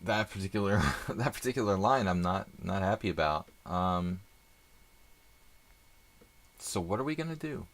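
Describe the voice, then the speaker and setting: A man's voice: low-pitched, animated, moderate pace, long pauses. A man doing live chess stream commentary, chatty and thinking aloud with rambling asides.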